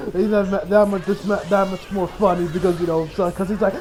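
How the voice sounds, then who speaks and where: A man with a high voice talks through an anime episode in casual review style. He rambles, restarts his sentences, and laughs often. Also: fairly quick, few pauses, background noise.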